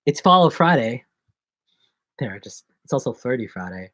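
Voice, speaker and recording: A man's voice: mid-range voice, big pitch swings, normal speed, pauses often, fairly bright tone, no echo. A man chatting casually on a live stream, rambling from one joke and bit of wordplay to the next.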